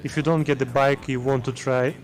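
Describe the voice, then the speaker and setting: A man's voice: mid-range voice, level tone, brisk, faint music behind. German-accented man commentating a speedrun. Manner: chatty, explanatory, self-deprecating jokes. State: tired.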